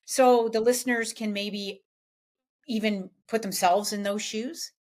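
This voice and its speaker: A woman hosting a podcast interview in casual chat, who listens with short acknowledgements and quick laughs and then asks her questions. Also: mid-range voice, fairly even intonation, a little mellow. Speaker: podcast host.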